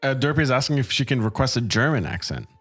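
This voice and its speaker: A man hosting a podcast in casual chat, halting and reading out listener questions. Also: medium pitch, big pitch swings, fairly bright tone, husky, soft background music. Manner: halting, many fillers and restarts, reads chat questions. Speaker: podcast host.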